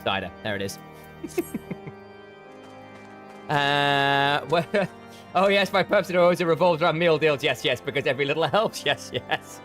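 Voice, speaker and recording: Gamer dude rambling on stream, lively up-and-down voice, faint music behind. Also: male voice, a little high, measured pace, long pauses. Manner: jokey, rambling, laughs often. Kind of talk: casual gameplay stream chat.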